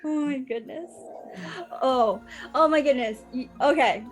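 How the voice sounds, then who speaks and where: Podcast host woman in her 30s, high voice, unhurried, laughs through her stories. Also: soft background music. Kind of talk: casual chat and funny storytelling.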